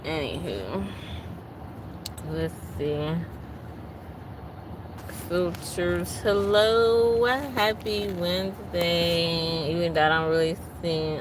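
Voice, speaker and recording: A woman's voice: fairly low pitch, drawn-out words, long pauses, background noise. A woman hosting a casual livestream, chatting and venting while greeting viewers by name. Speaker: livestream host.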